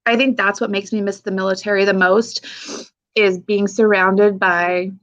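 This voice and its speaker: A woman's voice: medium pitch, flat delivery, moderate pace, highs cut off. A woman in her thirties from the Pacific Northwest, an army veteran guest speaking frankly and emotionally in a podcast interview, swearing casually and laughing often. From Pacific Northwest, USA. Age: 30s.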